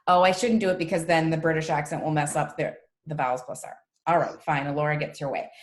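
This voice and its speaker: A woman's voice: low-pitched, fairly even intonation, fast talker, hardly any pauses. A woman reading teacher leading a live online reading class over a video call, chatty and encouraging with a self-deprecating humor. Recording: roomy echo.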